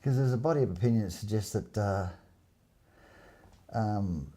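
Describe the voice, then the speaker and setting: An older man, bluntly recalling a story with halting restarts. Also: fairly low pitch, mellow. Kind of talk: casual recollection.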